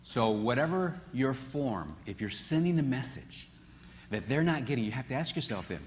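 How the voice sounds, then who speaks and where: Animated male marriage seminar speaker. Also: mid-range voice, normal speed, slight background noise. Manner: animated, acts out quoted voices. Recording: echoey hall with long reverb.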